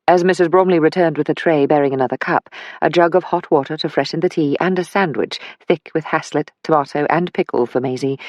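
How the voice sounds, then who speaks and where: Measured audiobook narrator, dry close sound. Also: medium pitch, dry recording. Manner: measured, even reading.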